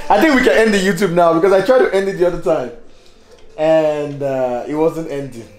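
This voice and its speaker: A man's voice: fairly high pitch, a little fast, faint music behind. A man vlogging casually from a hotel room, rambling and laughing as he talks. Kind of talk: casual vlog chat. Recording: echoey room with faint noise.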